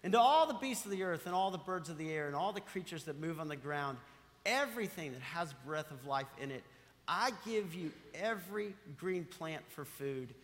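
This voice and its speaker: A man's voice: a little high, animated, moderate pace, fairly bright tone. A man preaching a sermon as pastor, emphatic, repeating key phrases and putting questions to the congregation. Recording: long reverb of a large hall.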